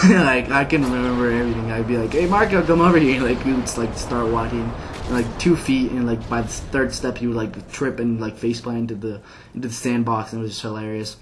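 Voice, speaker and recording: A man's voice: mid-range voice, flat delivery, brisk, background noise. A man commentating a game while telling a long, rambling story full of "like" fillers, sometimes laughing at his own tale. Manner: rambling, filler-heavy with constant "like". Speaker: gameplay commentator. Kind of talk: casual storytelling over gameplay.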